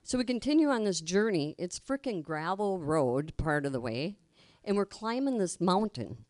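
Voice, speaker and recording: A woman's voice: lowish voice, sing-song, moderate pace, a little mellow, no room sound. A middle-aged woman telling a personal story live on stage, colloquial, laughing as she goes and acting out the voices she quotes. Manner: colloquial, laughs through her own story.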